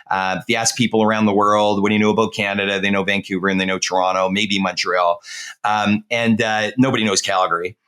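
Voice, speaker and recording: A man's voice: on the low side, a bit bright. A middle-aged man, a real estate agent, casually telling a story in an interview, full of "uh", "um" and restarts. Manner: rambling, full of fillers and restarts.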